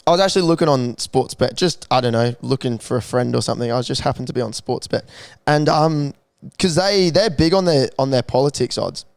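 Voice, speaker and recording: A man's voice: mid-range voice, a little fast, vocal fry, hardly any pauses, no room sound. A young man co-hosting a podcast in casual banter, laughing and swearing often. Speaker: podcast co-host. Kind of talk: casual chat.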